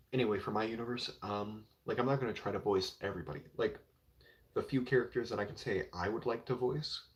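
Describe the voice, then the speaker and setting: A young man chatting casually on a live stream about comic books, rambling and filling with 'like' and 'you know'. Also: fairly low pitch. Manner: rambling, heavy with filler words.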